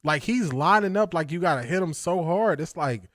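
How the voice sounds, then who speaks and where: A man's voice: on the high side, animated, moderate pace, fairly bright tone, no echo, clean studio sound. A man reacting live to a boxing match at a watch party, exasperated, laughing, and repeating himself. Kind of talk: live fight reaction commentary.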